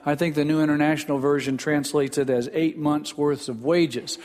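A man's voice: on the high side, fairly even intonation, moderate pace. Earnest middle-aged man preaching in a hall. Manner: storytelling, earnest, shifting between quiet and emphatic. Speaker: pastor. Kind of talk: sermon. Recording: hall reverb.

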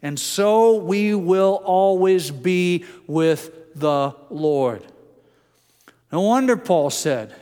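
An older man preaching a sermon, telling stories gently and dropping soft and low for quotes. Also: lively intonation, extremely slow, clear, resonant tone, big-room sound. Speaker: pastor.

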